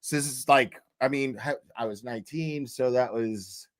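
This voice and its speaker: A man's voice: mid-range voice, normal speed. A man in his fifties telling a story casually, rambling and swearing, often tossing in "right?" to the listener. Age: 50s. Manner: profane, rambling, keeps checking in with "right?".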